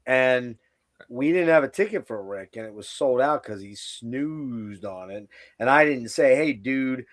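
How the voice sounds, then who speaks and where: A man hosting a laid-back podcast, rambling through a profane, jokey story. His voice sits in an everyday middle pitch, and the talk drifts loosely from one aside to the next. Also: lively intonation, measured pace. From Philadelphia area, United States. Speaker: podcast host. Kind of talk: casual chat, storytelling.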